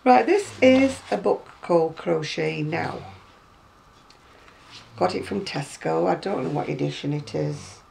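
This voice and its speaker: British woman crochet vlogger, gravelly mid-pitched voice, rambling and wry, faint hum behind. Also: a little slow, darkish tone, rough recording. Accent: British English. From Britain. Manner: chatty, rambling, wry asides. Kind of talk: casual chat showing magazines. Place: at home.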